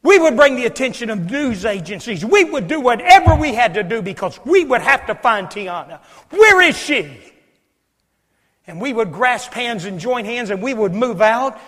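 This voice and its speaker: A man preaching a sermon as pastor, swinging from loud, driving passages to hushed, almost whispered ones, recorded in a church sanctuary. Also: high voice, lively intonation, moderate pace, hardly any pauses, big-room sound.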